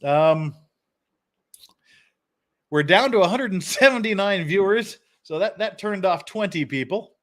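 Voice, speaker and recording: A man's voice: sits high, expressive, measured pace, pauses often. Chuckling man hosting a live stream. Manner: chuckles often, reads phrases aloud. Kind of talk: casual live-stream commentary.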